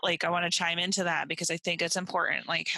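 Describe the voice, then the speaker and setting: A woman's voice: lowish voice, little pitch movement, fast, creaky, sharp tone, dry recording. A woman producing and chiming into a casual podcast chat, hesitant and full of "like". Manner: hesitant, lots of "like". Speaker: producer, co-host.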